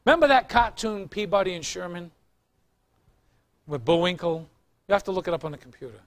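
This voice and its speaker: Pastor guy with a high voice, joking around and teasing the church while he preaches. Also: animated, fairly quick. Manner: chatty, joking, teasing the congregation. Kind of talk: sermon. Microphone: recorded on tape in the room.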